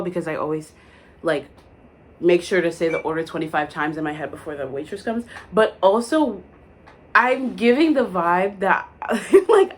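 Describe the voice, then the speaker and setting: A young woman vlogger telling a story in a casual, dramatic way, full of likes and asides. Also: lowish voice. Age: young adult.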